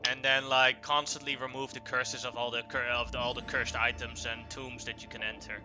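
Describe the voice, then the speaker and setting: A man running a tabletop game as game master, explaining rules quickly. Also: mid-range voice, flat delivery, over music.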